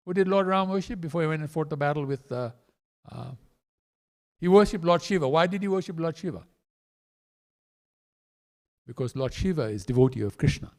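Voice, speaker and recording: Man preaching a story in a temple, lively singsong pitch, animated. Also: a little fast, pauses often. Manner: animated storyteller, acting out voices. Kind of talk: storytelling sermon. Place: temple hall.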